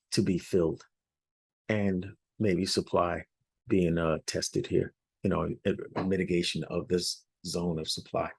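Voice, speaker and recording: A hoarse man presenting a weekly forex outlook over charts, rambling a little and often checking in with "all right?". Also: deep voice, a little mellow. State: hoarse, losing his voice. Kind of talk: unscripted chart walkthrough.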